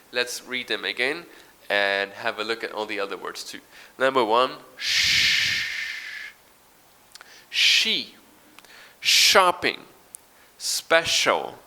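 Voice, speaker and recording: Bright and forceful, his mid-range voice carries a recorded lesson on English pronunciation. He explains things patiently, models the sounds, and reads a short passage aloud.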